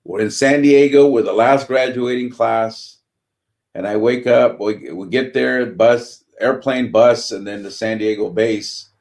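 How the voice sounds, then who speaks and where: A man in his seventies from California, an animated guest telling his story in an interview. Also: mid-range voice, unhurried. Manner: animated storyteller, acts out quotes. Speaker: guest, veteran.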